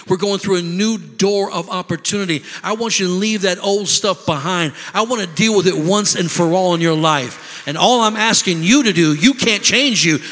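High, bright-voiced preaching pastor. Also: male voice. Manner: builds from measured teaching to shouted exhortation. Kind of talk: sermon. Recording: long hall reverb.

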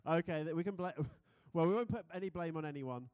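A man's voice: fairly high pitch, moderate pace, a little mellow, no echo. Playful British man preaching. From Britain. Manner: playful, chatty, laughing easily. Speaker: pastor. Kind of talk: sermon with a group game.

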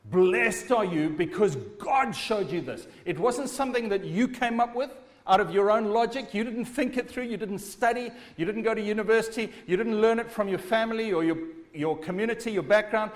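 A man with a high-sitting voice preaches briskly, speaking with emphasis and posing rhetorical questions to his listeners, while a long hall reverb follows his words.

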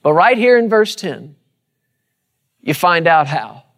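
A man's voice: fairly high pitch, sing-song, slow pace, fairly bright tone. A man preaching a sermon to a congregation, using rhythmic repetition and calling out to the listeners. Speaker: pastor. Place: church sanctuary with congregation.

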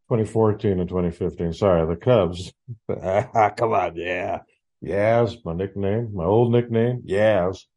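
A man's voice: on the low side, mellow. A man hosting his own show, delivering a rambling, sarcastic rant as sports commentary. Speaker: podcast host.

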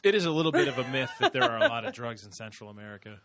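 A man chatting casually, making quick offhand remarks. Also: medium pitch, very animated, crowd noise. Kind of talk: casual chat.

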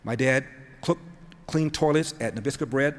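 A man's voice: mid-range voice, normal speed. A man giving an emphatic storytelling speech, acting out the voices he quotes. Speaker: speaker telling a family story. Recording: long hall reverb.

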